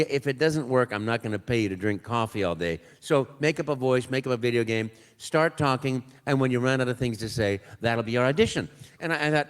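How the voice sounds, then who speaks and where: An older man, a voice actor, telling a lively story on a convention panel and acting out quotes and sound effects. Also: mid-range voice, long reverb tail. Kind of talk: anecdotal storytelling.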